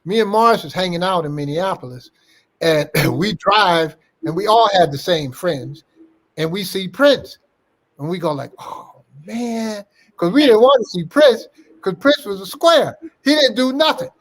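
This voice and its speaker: A man's voice: sits high, moderate pace. An older man telling a story in an interview, acting out the dialogue of the people in it as he goes. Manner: animated anecdote-teller, acting out quoted dialogue. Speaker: interview guest.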